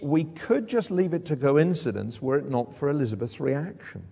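A male preacher with a fairly high, lively voice that swings widely in pitch. His tone is gravelly and a little husky, and he acts out quoted speech with sudden high leaps. The sound carries a long hall reverb, as from a church. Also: moderate pace. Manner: animated, acts out quoted lines with big pitch jumps. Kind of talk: expository sermon.

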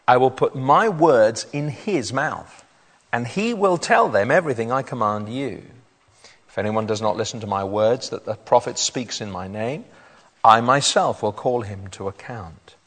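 A man's voice: mid-range voice, animated, a little slow, fairly bright tone. A man preaching a sermon, reading scripture aloud and then explaining it to his congregation. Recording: long hall reverb.

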